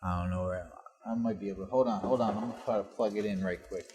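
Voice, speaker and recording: A man with a somewhat low voice rambles through his stories in a loose, casual way, peppering nearly every sentence with curses. He records solo for his own podcast from a basement workshop in an old house, speaking into a laptop. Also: steady tone, fast talker, darkish tone. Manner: profane, rambling, swears constantly. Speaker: podcast host.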